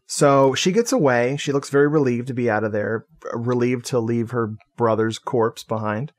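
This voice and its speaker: A man co-hosting a podcast, recapping a horror film in casual chat, excitable and swearing freely. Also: medium pitch, normal speed. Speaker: podcast co-host.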